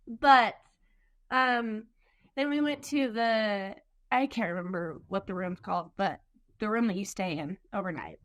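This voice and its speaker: Speaking slowly and pausing often in a medium-pitched voice, a woman in her twenties, a guest on an interview show, tells the emotional story of her own birth. She is tearful at moments, uses lots of "like" and "um," and quotes others.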